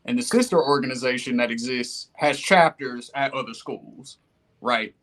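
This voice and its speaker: A man's voice: mid-range voice, normal speed, fairly bright tone. Laid-back man telling stories. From Detroit, Michigan. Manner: laid-back storyteller, peppers speech with "like" and "you know what I'm saying". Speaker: podcast co-host. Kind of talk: casual chat, reminiscing.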